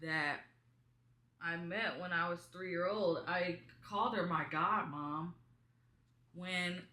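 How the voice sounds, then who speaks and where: A woman's voice: fairly low pitch, slow, pushed and bright, reverberant. A young woman vlogging at home, chatting and rambling to her viewers while she does her makeup in front of the camera. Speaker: beauty vlogger. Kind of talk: casual storytime chat while doing makeup. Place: small room at home by a window with blinds.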